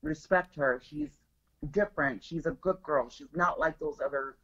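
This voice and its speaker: A woman's voice: deep voice, moderate pace, fairly bright tone, lo-fi sound. A middle-aged woman, a guest, casually telling a story and quoting a friend over and over. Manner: chatty, retells a friend's words with many "she goes". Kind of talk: casual storytelling on a video call.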